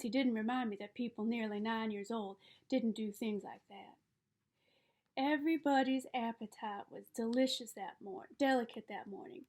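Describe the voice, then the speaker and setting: A woman reading a novel aloud as narrator, in a measured storytelling manner. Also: a little high, a little mellow. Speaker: audiobook reader.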